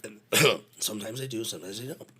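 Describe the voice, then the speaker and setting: A middle-aged man telling backstage stories in a casual, animated way, swearing freely and using lots of fillers. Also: on the low side, brisk, breathy edge. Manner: animated, profane, full of fillers. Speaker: podcast guest, venue manager. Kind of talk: casual anecdotal storytelling.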